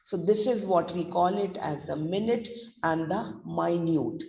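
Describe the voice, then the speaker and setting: Indian English woman teacher, gravelly edge, distant echoey lo-fi room sound. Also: on the low side, darkish tone. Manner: slow deliberate spelling-out, mixing Hindi. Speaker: pronunciation trainer. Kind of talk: online vocabulary lesson.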